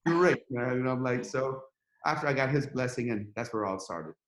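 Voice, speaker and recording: Animated storytelling man, echoey room. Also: medium pitch, a little fast. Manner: animated, acts out quotes in a rising voice. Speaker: podcast guest. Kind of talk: casual storytelling.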